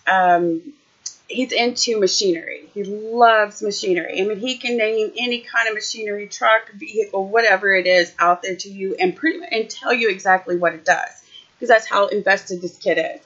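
A woman vlogger telling a family story in a casual, chatty, animated way. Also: mid-range voice. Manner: chatty, animated, jumps back and forth. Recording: dull lo-fi recording.

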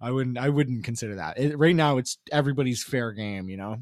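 A man co-hosting a casual gaming chat, talking in a relaxed, rambling way full of fillers. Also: medium pitch, fairly quick, no room sound, clean studio sound. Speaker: podcast co-host.

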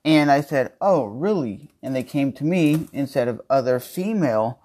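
A man's voice: medium pitch, moderate pace, a little mellow. A man hosting a casual podcast from his home kitchen, telling a personal story in a candid, rambling way. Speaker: podcast host.

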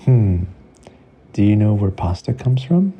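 A man voicing a patient, gently teasing father in a bedtime story, who explains things calmly. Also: fairly low pitch, measured pace, breathy edge, highs cut off, heavily acted. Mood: curious.

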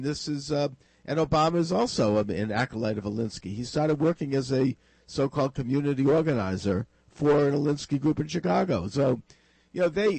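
A man hosting a political talk radio show, his voice husky and worn with fatigue. He argues his points emphatically and with conviction. The sound is dry and close, with no room around it. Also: mid-range voice, darkish tone, dry recording, poor audio. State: tired voice.

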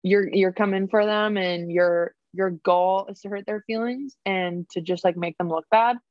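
A young woman co-hosting a podcast in casual chat, talking with many fillers and pausing to search for words. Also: mid-range voice, steady tone, no echo, lo-fi sound. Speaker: podcast co-host.

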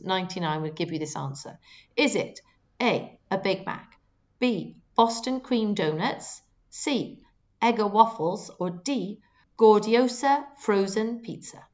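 Casual podcast co-host, a woman running a quiz with playful, animated delivery and a muffled recording. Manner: playful and teasing, lively pitch jumps. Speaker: teacher. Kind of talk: casual chat.

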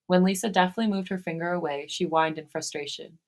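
A woman podcast host reading fan fiction aloud, steady in her reading and given to breaking into laughter. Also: on the low side, fairly quick.

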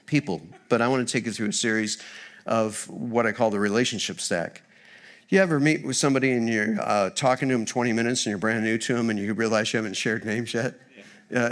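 A man preaching a sermon in a church as a guest speaker, a former missionary who tells funny stories in an animated way. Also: mid-range voice. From United States. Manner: storytelling, humorous and animated.

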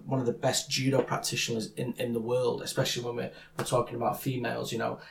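Man, podcast co-host, gravelly voice, rambling casual sports chat. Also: medium pitch, level tone, fast talker, a little hiss or hum. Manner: rambling, many restarts and fillers.

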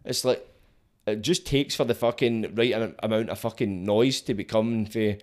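A man's voice: fairly low pitch, moderate pace. A young Scottish man hosting a podcast, chatting in a laid-back, sweary way. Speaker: podcast host. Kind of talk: casual podcast chat.

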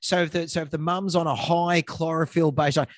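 An Australian man with a slightly raised pitch rambles through a joking anecdote as a podcast co-host. His voice is close and dry, with no room sound around it, and comes through a remote call recording. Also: steady tone, brisk, no room sound. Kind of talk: casual chat.

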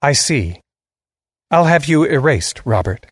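A man voicing a cold, emotionless woman who controls time, speaking in a flat, uninflected way, in a story reading. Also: mid-range voice, unhurried, no room sound, clean studio sound.

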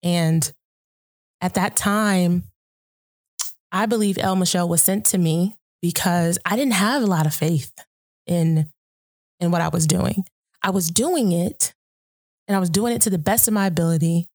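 A woman hosts a podcast, talking earnestly and reflectively about faith in a casual conversation, often breaking into laughter. Her voice is on the low side and a little mellow, a bit slow with long pauses, recorded at studio quality with no room sound.

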